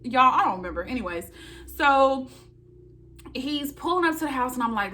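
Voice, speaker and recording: A young woman telling a story on her vlog, animated and dramatic, talking straight to her viewers and acting out her own loud high-pitched reactions. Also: moderate pace, long pauses, soft background music. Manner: talks straight to viewers, calling them y'all. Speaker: nursing student vlogger.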